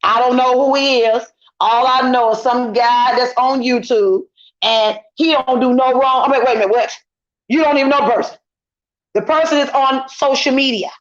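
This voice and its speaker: Emphatic high-voiced middle-aged woman, lo-fi. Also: steady tone, moderate pace. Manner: emphatic, repetitive, indignant venting. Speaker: guest commentator. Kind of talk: casual online commentary chat. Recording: lo-fi dull audio.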